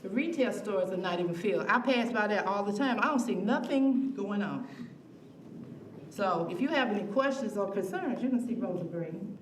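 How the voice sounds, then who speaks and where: A woman's voice: mid-range voice, lively intonation, normal speed. A woman giving public comment at a city meeting, informal and emphatic. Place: council meeting room. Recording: echoey room, distant mic, faint noise.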